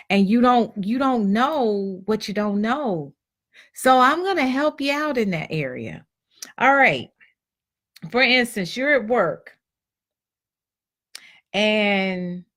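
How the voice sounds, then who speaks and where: A woman's voice: medium pitch, a bit bright. A woman giving a blunt, preachy motivational talk to women, acting out the complaints she hears from people. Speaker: motivational speaker.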